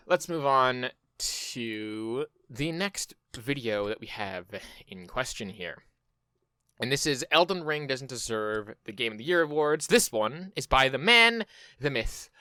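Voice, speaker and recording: Man, casual reaction commentary, bright voice, smooth and dry sound, sarcastic and profane. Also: medium pitch, lively intonation, a little slow, no room sound. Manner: loose, profane, sarcastic asides. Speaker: video commentator.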